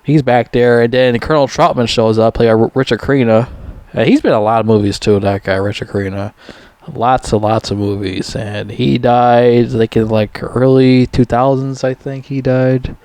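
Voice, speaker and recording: A man rambles through a film's plot in a loose, profane, casual way, cursing freely and laughing at his own jokes. His voice sits at an ordinary middle pitch. The sound is dry and close, with no room echo. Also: fairly even intonation, moderate pace, a little mellow, clear, resonant tone. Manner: mimics characters in high squeaky voices. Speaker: movie reviewer. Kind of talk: casual rambling movie recap.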